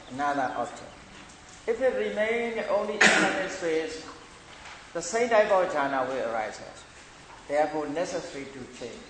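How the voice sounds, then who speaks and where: A man giving a Buddhist meditation lecture, explaining slowly and repeating points in non-native English phrasing. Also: on the high side, a bit bright. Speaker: meditation teacher. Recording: echoey hall with long reverb, faint noise.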